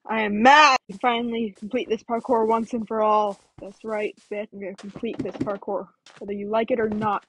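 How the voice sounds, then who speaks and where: A young woman giving chaotic, erratic gameplay commentary, jumping from mutters to sudden yells. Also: medium pitch, flat delivery, normal speed, hardly any pauses, a little hiss or hum. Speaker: gaming YouTuber.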